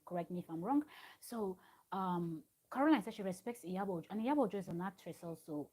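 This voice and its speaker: A woman with a lowish, mellow, slightly rough voice talks fast with lively intonation. Streaming from home on a live-stream microphone, she recaps a reality show in a chatty, digressive way, with asides to her viewers.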